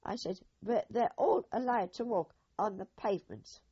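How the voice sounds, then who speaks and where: An older woman telling her own memories as oral history, in a husky voice, acting out each speaker's quoted words. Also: mid-range voice, normal speed, dark tone. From Britain. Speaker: eyewitness. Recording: dull lo-fi recording.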